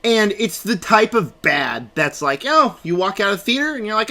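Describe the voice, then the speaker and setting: A man's voice: high-pitched, big pitch swings, normal speed, sharp tone. A man talking through a casual film review at his desk, emphatic and ranting, repeating words for stress. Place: home desk.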